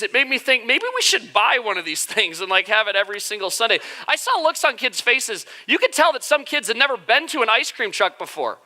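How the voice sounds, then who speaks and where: A man's voice: extremely high pitch, big pitch swings, fairly quick, few pauses, bright, forceful tone. A man preaching a casual sermon as the church's pastor, joking and conversational. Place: church sanctuary.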